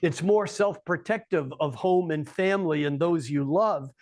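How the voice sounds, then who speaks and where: A male astrologer talking to a live audience in a coffeehouse, in a voice pitched a little high. He explains in a relaxed way and drops in wry joking asides. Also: moderate pace.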